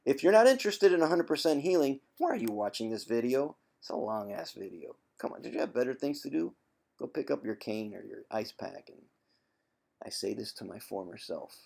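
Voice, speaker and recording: A man speaking straight to camera in a casual vlog monologue, at an ordinary middle pitch for a man. His delivery is emphatic and teasing, the tough love of a former sufferer coaxing others along, and he often pauses to clear his throat. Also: big pitch swings, a little mellow. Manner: conversational, with frequent throat clearing. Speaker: former chronic pain sufferer giving advice.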